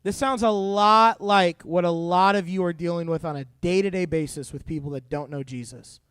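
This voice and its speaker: A young man preaching a youth sermon as an animated, joking storyteller. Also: high-pitched, moderate pace, smooth, no room sound. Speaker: youth pastor.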